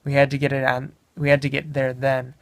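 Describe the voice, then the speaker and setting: A man's voice: mid-range voice, monotone, fairly quick, gravelly, fairly bright tone, no echo. A young man from Wisconsin, casually telling a travel story in a meandering way, often correcting himself. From Wisconsin, USA. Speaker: vlogger.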